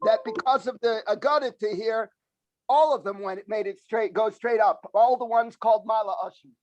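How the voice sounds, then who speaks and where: A man's voice: sits high, moderate pace, no room sound, dull audio. A man in a Talmud class on a video call, insistently arguing his point with sources. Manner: insistent, interrupting to argue with sources. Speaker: class participant.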